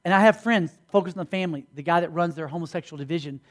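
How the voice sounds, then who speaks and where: A man's voice: on the high side, rapid-fire. A man, a youth pastor preaching, telling stories, acting out characters and calling for responses from the group. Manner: storytelling, acts out characters, calls for responses. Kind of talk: sermon.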